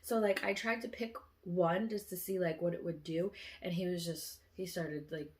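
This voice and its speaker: A woman telling a long dream story in a casual, rambling way, full of fillers and restarts, who loudly acts out her own quoted lines. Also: lowish voice, steady tone, normal speed. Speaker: vlogger recounting a dream.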